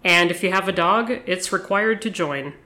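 A woman with a bright, crisp voice places a prank call. She sounds cheerful and official, like a clerk reading an announcement. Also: lowish voice, normal speed. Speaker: prank caller.

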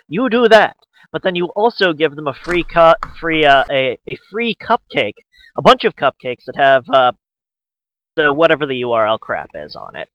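A man's voice: on the high side, animated, moderate pace, a bit bright, lo-fi sound. A man co-hosting a casual comedy podcast, joking and rambling through his points with restarts and mock quotes. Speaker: podcast co-host.

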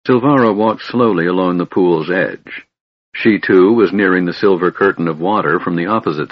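A man narrating a fantasy novel in a measured, steady way. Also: low voice, no echo, dull audio. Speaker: audiobook narrator.

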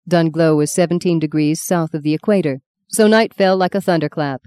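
Lady reading a novel aloud, steady and measured, warm dark tone, dry close mic. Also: fairly low pitch, clear, resonant tone, dry recording. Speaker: audiobook narrator. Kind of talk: scripted narration.

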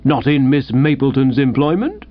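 A man's voice: medium pitch, expressive, normal speed, close to an everyday voice. A man voicing a blunt, suspicious police constable who questions curtly, on a dull lo-fi recording. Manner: gruff, curt questioning.

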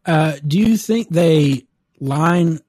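A man's voice: on the high side, extremely slow, a little mellow, slightly rough, no echo. A man chatting casually as a podcast co-host, rambling and laid-back, cursing and laughing at his own ideas. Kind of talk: casual chat.

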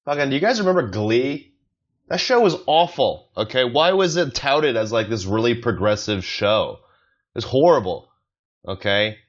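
A man's voice: mid-range voice, expressive, normal speed, muffled recording. A young man hosting a solo comedy podcast, rambling sarcastically and swearing often. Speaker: podcast host.

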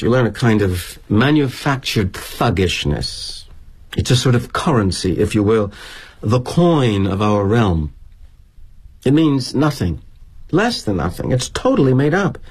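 A middle-aged actor playing a weary, guilt-ridden corporate executive in a dramatic monologue, wry and confiding. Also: male voice, mid-range voice, sing-song, measured pace, a little mellow, husky, full character voice.

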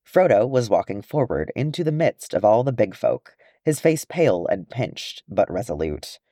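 A man narrating a story aloud, his low voice rising and falling with lively intonation. The tone is dark and mellow, recorded close and dry. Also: normal speed, dry recording. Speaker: audiobook narrator. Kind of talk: reading fan fiction aloud.

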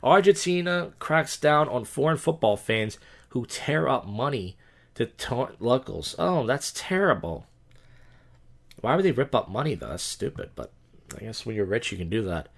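A man hosting a casual podcast, reading odd news stories aloud and riffing deadpan jokes with lots of fillers and restarts. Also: medium pitch, normal speed, gravelly. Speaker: podcast host. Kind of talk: casual comedic news rundown.

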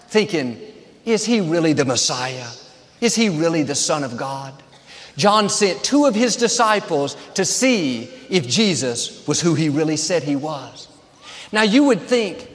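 A man's voice: fairly high pitch, in a large hall. A man preaching a sermon as a pastor, earnest and building to emphatic peaks.

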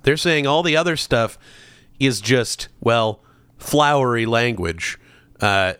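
Comedic male podcast co-host, playful mock-earnest read, very animated pitch, dry studio sound. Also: clean tone, dry recording. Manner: playful mock-earnest delivery, drawn-out words. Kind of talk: comedic podcast banter reading a sponsor spot.

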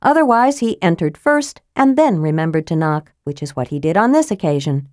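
A woman narrating a fantasy audiobook in a measured, grave storytelling manner, close to a studio microphone. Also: fairly low pitch, sing-song, darkish tone, no room sound.

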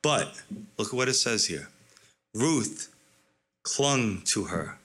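Emphatic preacher with a bright voice. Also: male voice, mid-range voice. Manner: emphatic, slows and stretches key words, asks rhetorical questions. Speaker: pastor. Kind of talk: expository sermon.

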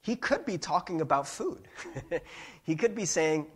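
A man preaching a sermon in an animated, playful way. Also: fairly high pitch, a little slow, long pauses, breathy edge. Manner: animated and playful, with laughs and sung bits. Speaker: pastor.

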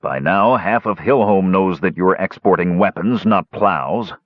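A man doing a croaking, bitter old dwarf. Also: sits low, a little slow, no echo, dull audio. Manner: growling and bitter. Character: gruff battered old male dwarf.

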